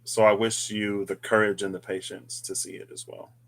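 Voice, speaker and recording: A man's voice: fairly low pitch, little pitch movement, moderate pace, a bit bright. A man hosting a tarot reading video, musing aloud in a casual, rambling way with chatty asides. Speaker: tarot reader, channel host. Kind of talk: casual reflective monologue.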